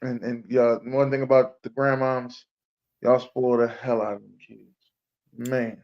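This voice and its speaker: A man's voice: medium pitch, level tone, unhurried. A man hosting a podcast in casual, chatty talk. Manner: laid-back, chatty, with fillers. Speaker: podcast host. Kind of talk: casual chat. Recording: dull lo-fi stream audio.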